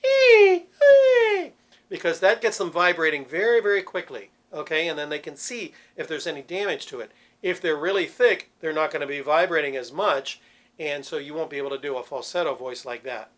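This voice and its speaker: Man teaching vocal warm-ups. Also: a little high, a little fast. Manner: patient, explanatory, demonstrates vowel sounds on scales. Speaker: vocal coach for church cantors. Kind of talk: instructional talk with sung demonstrations.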